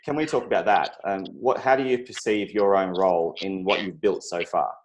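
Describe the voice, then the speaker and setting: A man's voice: deep voice, a little fast, slight background noise. An Australian man hosting a casual interview, chatty and friendly, calling his guest "mate". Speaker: interviewer, show host.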